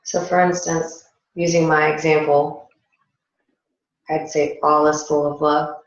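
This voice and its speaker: A woman teaching a yoga and meditation class, talking listeners through the steps calmly and gently. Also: low voice. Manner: calm, gentle guiding instructions with a slow pace. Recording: echoey, dull lo-fi room recording.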